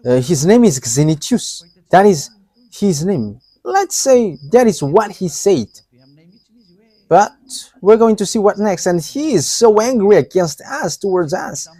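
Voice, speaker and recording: A man preaching a live sermon, talking in short, halting, broken phrases. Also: sits high, very animated, warm tone, dry recording.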